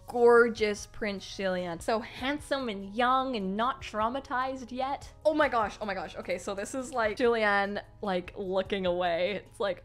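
A high, bright-toned young woman chats through an unboxing, her voice leaping all over the place as she squeals with delight. Soft music plays faintly underneath. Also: animated, a little slow, few pauses. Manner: gushing, squealing, effusive. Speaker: YouTuber unboxing merchandise. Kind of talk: excited unboxing chat.

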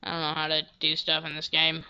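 A woman giving casual, self-deprecating commentary while she plays a video game, now and then breaking into loud yelps. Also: low voice, monotone, brisk, gravelly, clean tone, muffled recording. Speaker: gameplay video creator. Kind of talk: casual let's-play commentary.

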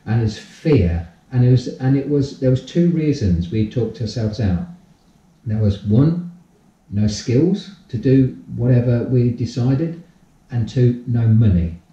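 An older man recalls his past in a lively storytelling way, slipping into the other people's voices as he goes. His voice is dark and mellow. He sits away from the mic in a very echoey room, and the sound is dull and lo-fi. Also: medium pitch, measured pace. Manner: animated storyteller, acts out dialogue, repeats phrases. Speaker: podcast guest, entrepreneur. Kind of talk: casual storytelling interview. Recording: distant, roomy, dull-sounding audio.

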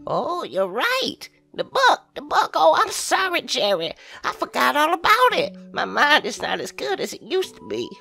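A man's voice: extremely high pitch, huge pitch swings, moderate pace, vocal fry, hardly any pauses, bright, forceful tone, soft background music, voice pushed up, exaggerated voice. A man voicing a frail, forgetful old woman who wavers and drifts into distress in a horror story. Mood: confused.

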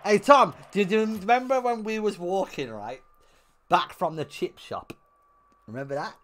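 A man's voice: high voice, normal speed, pauses often, faint music behind. A young man streaming a game, telling rowdy stories in a casual, swear-heavy way. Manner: animated, swears freely, bursts into loud laughter. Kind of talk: casual storytelling while gaming.

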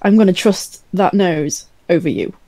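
A woman's voice: fairly low pitch, normal speed, mellow, low-quality recording. A woman playing a tabletop game in character, blunt and matter-of-fact. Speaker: player.

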